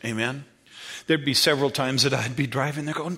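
A man preaching a sermon in a folksy, rambling way, telling a story and acting out the dialogue in a high, excited voice. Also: a little fast, slightly rough.

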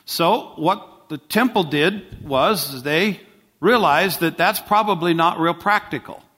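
His voice runs on the high side, pushed and bright, and he speaks at a slow pace. The man preaches a sermon conversationally, often asking the congregation questions, with many restarts.

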